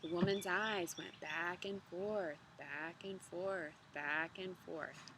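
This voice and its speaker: A woman in her thirties reading a children's book aloud outdoors, chatty and relaxed between passages. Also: on the low side, slow pace, noisy background. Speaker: storybook reader. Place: outdoors in a yard with dogs.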